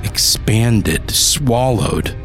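An adult man narrates a first-person audio drama in a mid-range voice with lively intonation, speaking very slowly over soft background music. He also plays the lead, and his own lines turn desperate and pleading.

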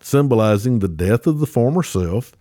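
A man's voice: medium pitch, lively intonation, moderate pace, warm tone. A man with a Southern US accent explaining a religious topic as a podcast guest, with many restarts and fillers. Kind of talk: casual theological discussion.

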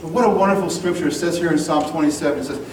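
A man's voice: a little high, very fast, a little hiss or hum. A man pastor giving a sermon in a blunt, casual, emphatic way. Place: church hall. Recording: echoey room, mic at a distance, faint music.

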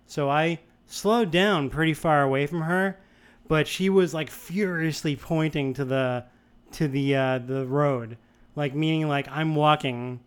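A young man from the Boston area telling a long anecdote in casual chat, rambling and animated, with many restarts. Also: a little high, unhurried, smooth. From Boston area, USA.

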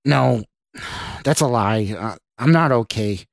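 A man voicing an anxious young man losing his grip, frantic and breaking into shouts. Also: medium pitch, slow pace, creaky, dry recording. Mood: shaken.

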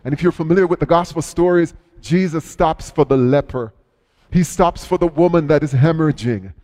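A man preaching a sermon in a church, retelling a story with dramatic swings between loud cries and hushed words. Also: on the high side, brisk, big-room sound. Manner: storytelling, dramatic shifts in loudness and pace. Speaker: pastor.

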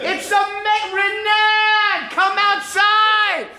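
A man putting on his mother's voice, a shrill, loud older woman yelling excitedly from outside. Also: full character voice. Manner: shouting from outside, drawn-out calls. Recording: echoey club with crowd laughter.

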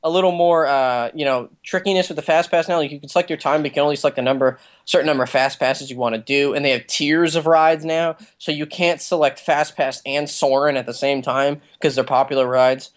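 A man's voice: a little high, steady tone, brisk, hardly any pauses. A young man with a slightly raised voice chatting on a podcast. He rambles through his stories, padding them with "like" and "uh." He sounds easygoing and conversational. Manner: rambling storytelling with many fillers. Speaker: podcast co-host. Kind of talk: casual chat.

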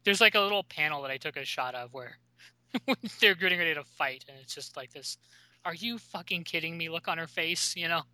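Chatty podcast guy talking comics, slightly high voice, really bright, laughs a lot. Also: fairly quick, clean tone, dry recording. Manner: chatty, laughs often, many fillers. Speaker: podcast co-host. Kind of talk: casual chat about comics.

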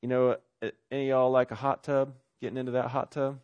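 A man preaching a conversational sermon as pastor, rising to loud swells and dropping to quiet asides. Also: medium pitch, flat delivery, fast talker, clear, resonant tone, muffled recording.

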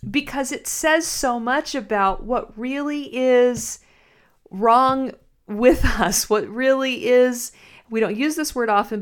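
A woman hosts a reflective podcast. She talks in a thoughtful way, pausing and restarting as she works through her ideas, at a middling pitch. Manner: thoughtful, halting, many restarts. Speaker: podcast host. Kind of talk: reflective spoken commentary.

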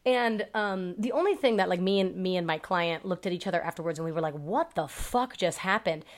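Slightly low-voiced, swearing woman dog trainer. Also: fast talker. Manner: profane, chatty storytelling with many fillers. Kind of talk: casual podcast chat.

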